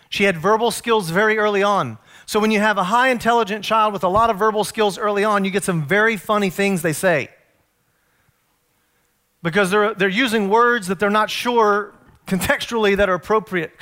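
Middle-aged male pastor, higher register, earnest storytelling sermon delivery. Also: fairly even intonation, bright, forceful tone. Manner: earnest, storytelling preacher, slows to stress points.

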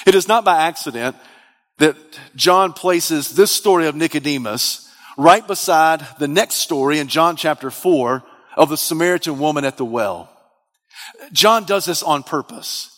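A man's voice: fairly high pitch, lively intonation, moderate pace, fairly bright tone. A man preaching a sermon with dynamic delivery, his voice rising into emphatic, sung-out peaks. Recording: long reverb of a large hall.

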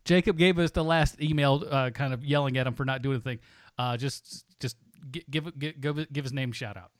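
A man's voice: medium pitch, normal speed, no room sound, clean studio sound. A man co-hosting a casual movie podcast, rambling with many restarts and frequent laughter. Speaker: podcast co-host. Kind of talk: casual chat.

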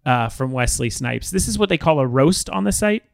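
A man's voice: mid-range voice, expressive, a little fast, vocal fry, no echo, clean studio sound. A man co-hosting a podcast, chatting casually and rambling with self-doubting restarts. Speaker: podcast co-host. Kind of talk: casual chat.

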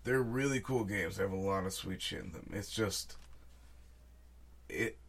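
Laid-back young man, low voice. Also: measured pace, gravelly. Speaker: podcast co-host. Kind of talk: casual gaming chat.

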